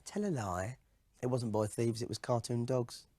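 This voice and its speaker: An actor plays a dim, boastful male pop singer putting on a fake cockney manner in a comedy sketch interview. His natural voice is lively with sing-song pitch swings, at a moderate pace, in a dry recording.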